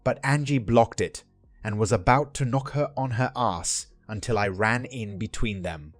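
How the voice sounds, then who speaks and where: A man narrating a first-person relationship drama in a steady scripted read. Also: fairly low pitch, normal speed, no room sound, soft background music.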